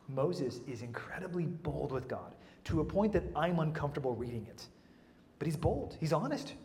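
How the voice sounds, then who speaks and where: A man preaching a sermon in a lively way, with humorous asides and frequent restarts. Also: fairly high pitch, normal speed, big-room sound, slight background noise.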